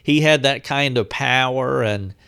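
Slow, gravelly-voiced male preacher. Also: medium pitch, sharp tone. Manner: slow, measured preaching with emphatic pauses. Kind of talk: sermon.

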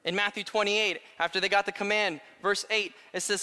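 Male pastor preaching in a big hall with long reverb, high and bright-toned. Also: brisk, few pauses, clear, resonant tone. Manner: animated, swings from quiet to loud. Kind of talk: sermon.

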